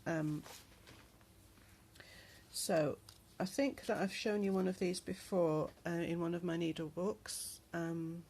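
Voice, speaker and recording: With a fairly low, slightly mellow voice and fairly even intonation, a woman chats about a journal she made by hand for travel. The casual vlog carries slight background noise, and this crafter is unhurried and says um often.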